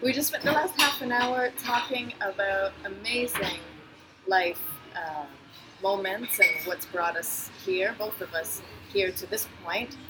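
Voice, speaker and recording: A woman's voice: medium pitch, unhurried, loud music behind the voice, poor audio. Enthusiastic woman podcast host. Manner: warm, enthusiastic, laughs often. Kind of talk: casual interview. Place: cafe.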